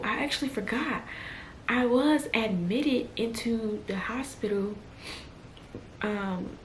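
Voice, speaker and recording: A woman's voice: medium pitch, roomy sound, a little hiss or hum, poor audio. A young woman in her twenties telling a personal story on her vlog, emotional and trying not to cry. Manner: emotional, fighting back tears. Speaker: vlogger.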